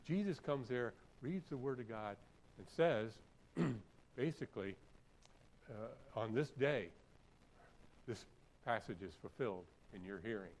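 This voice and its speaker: A man preaching a sermon, reading scripture aloud and then explaining it conversationally, often clearing his throat and repeating phrases for emphasis. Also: medium pitch, animated, unhurried, long pauses, a little mellow, rough recording. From San Francisco area. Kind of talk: expository sermon.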